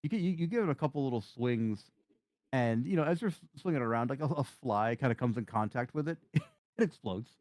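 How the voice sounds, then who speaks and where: A man's voice: medium pitch, expressive, fairly quick, darkish tone, dry recording. A man running a tabletop game as game master, narrating casually with swearing and laughter.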